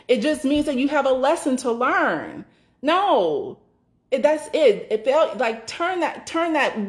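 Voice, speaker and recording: Emphatic woman giving a pep talk. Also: fairly high pitch. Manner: emphatic, repeats phrases for stress, swears freely; acts out inner thoughts in quick rushed asides. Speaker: doula business mentor. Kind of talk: casual motivational talk.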